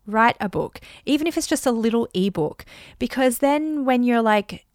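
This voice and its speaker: A woman hosting a casual talk on money mindset, chatty and animated, acting out bits of dialogue. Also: a little high, moderate pace, dry recording, studio quality. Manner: chatty and animated, acts out dialogue in bright voices. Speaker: host and money mindset coach. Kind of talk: casual teaching monologue.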